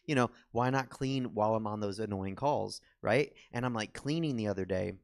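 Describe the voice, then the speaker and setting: A man's voice: lowish voice, normal speed, creaky. A young man doing a stand-up comedy set on a theater stage, rambling and self-deprecating with lots of ums and restarts.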